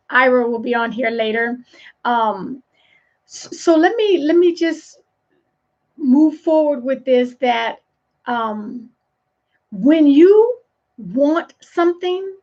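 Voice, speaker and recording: A woman leadership coach giving an emphatic motivational live talk, often repeating phrases for weight. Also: high voice. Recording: dull lo-fi sound.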